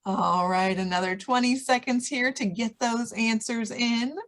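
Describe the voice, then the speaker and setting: A woman moderating an online trivia quiz over a video call, brisk and upbeat as she reads out the questions. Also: a little high, steady tone.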